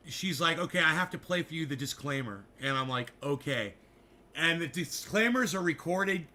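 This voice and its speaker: A man chatting casually with his audience, telling stories in an animated way with a lot of swearing and joking asides. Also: fairly high pitch. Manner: animated storytelling, frequent swearing, jokey mock-advert asides. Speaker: streamer. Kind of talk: casual rambling chat.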